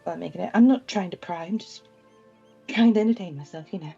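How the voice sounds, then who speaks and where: Mellow-voiced woman playing a tabletop game. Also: on the low side, fast, vocal fry, slightly rough, highs cut off, soft background music. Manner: hesitant, filler-heavy. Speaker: player. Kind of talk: casual tabletop play.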